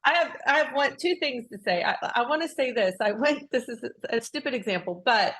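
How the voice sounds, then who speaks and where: A woman co-hosting a faith-based podcast, chatting casually and telling a personal story in a lively, animated way with frequent restarts. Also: a little high, a little fast. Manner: acts out quoted speech with raised voice. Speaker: podcast co-host.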